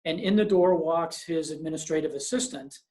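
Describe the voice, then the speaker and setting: A presenter on a business webinar speaks in a mid-range voice, neither high nor low. The delivery moves from storytelling into emphatic, practical advice for the listeners, and the sound is that of a video call. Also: a little fast, mellow.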